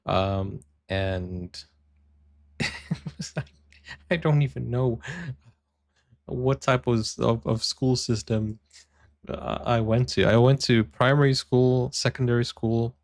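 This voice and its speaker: A man of middle pitch chats casually in a reaction video, hesitant and full of pauses. His voice sounds dry and close, with no room echo. He laughs easily and restarts often. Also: gravelly.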